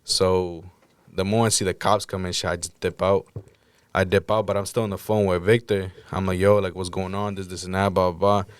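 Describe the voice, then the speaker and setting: A man on a podcast telling a story in casual, blunt, profane speech, acting out the moments when he shouted. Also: sits low, level tone, brisk, smooth, no room sound. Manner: blunt, profane, acts out his own shouting. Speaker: podcast guest recounting a crisis.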